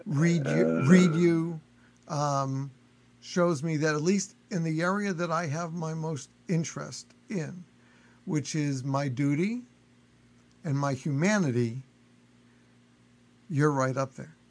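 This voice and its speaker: A male radio host leads an interview in a polite, encouraging manner. His voice sits a little high for a man. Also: takes it slowly, long pauses.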